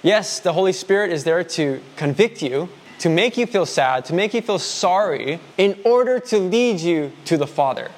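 Candid, higher-pitched male preacher. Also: expressive, moderate pace, hardly any pauses. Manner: candid, conversational preaching with dramatic quoted prayers. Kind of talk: sermon.

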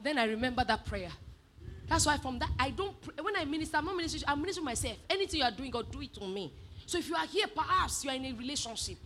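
A woman preaching a sermon, animated, moving from soft asides to shouted emphasis. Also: high voice, rapid-fire, a little hiss or hum.

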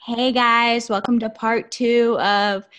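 A woman's voice: on the high side, flat delivery, slow pace. A young woman co-hosting a podcast, chatting casually and laughing often. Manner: giggly, laid-back. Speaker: podcast co-host. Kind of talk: casual chat. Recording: noisy podcast recording.

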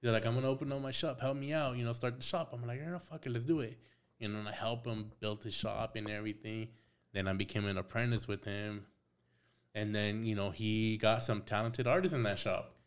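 A man's voice: lowish voice, fairly even intonation, brisk. Laid-back swearing man telling stories. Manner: laid-back, swears a lot, acts out quotes. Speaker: podcast guest, tattoo artist. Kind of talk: casual storytelling chat.

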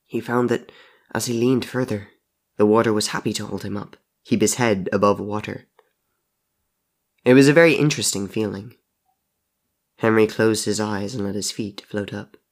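A man narrates a story in a low-pitched, measured voice. He keeps his reading even and often drops to a soft delivery.

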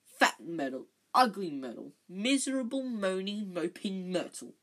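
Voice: medium pitch, big pitch swings, normal speed, fairly bright tone, husky, voice pushed up, full character voice. A reader voicing a sulky, tearful ghost of a teenage girl in a raised voice.

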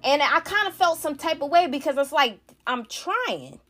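A woman's voice: sits high, animated, normal speed, pushed and bright. A woman in her thirties telling a personal family story in a heated, profane, rambling way, full of restarts. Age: 30s. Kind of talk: emotional storytime rant.

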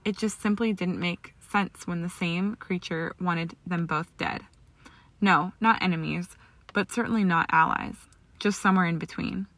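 A woman's voice: fairly low pitch, fairly even intonation, a little slow, a bit bright, no echo. A woman steadily reading fan fiction aloud as storybook narration, with an occasional stumble. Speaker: reader.

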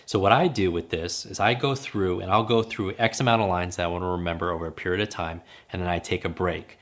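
A man with a very low voice coaches his listeners through a podcast lesson. He leans on emphasis and repeats his key points. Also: fairly even intonation, fast talker, fairly bright tone. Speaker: memory coach hosting a podcast. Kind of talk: instructional podcast talk.

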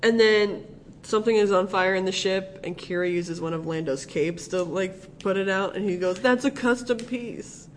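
A man's voice: high voice, fairly even intonation, normal speed, a little hiss or hum, rough recording. A man co-hosting a podcast, rambling through a film recap in casual chat and laughing often. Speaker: podcast co-host.

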